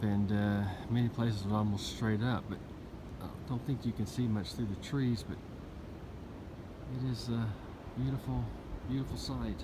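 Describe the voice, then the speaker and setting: Chatty Southern man on a mountaintop. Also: mid-range voice. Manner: rambling, folksy, chatty with fillers. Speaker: thru-hiker vlogger. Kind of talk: casual video diary on the trail. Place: outdoors on a wooded mountaintop. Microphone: handheld camera mic. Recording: noisy outdoor camera audio.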